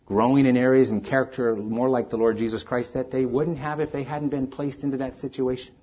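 A man preaching as pastor, earnest, swinging from emphatic stresses to quiet, soft lines. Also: medium pitch, little pitch movement, a little fast. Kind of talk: sermon. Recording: dull lo-fi sermon recording.

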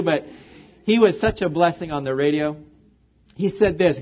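A man with a notably high voice preaches a sermon, leaning on earnest rhetorical questions to his listeners. The recording is muffled and lo-fi, with a dull top end. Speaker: pastor.

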